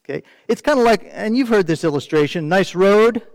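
Sitting high in pitch, a little fast and a little mellow, this pastor sounds animated as he preaches like he's having a conversation. He quizzes the congregation and mimics complainers in quoted asides, with no room sound but the feel of a large hall.

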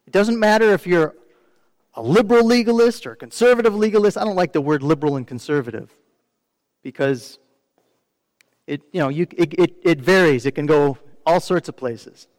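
High-voiced man preaching in a reverberant church. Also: animated, normal speed, a little mellow. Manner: conversational preaching with frequent rhetorical questions to the congregation; mimics complainers in quoted asides. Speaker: pastor. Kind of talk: sermon.

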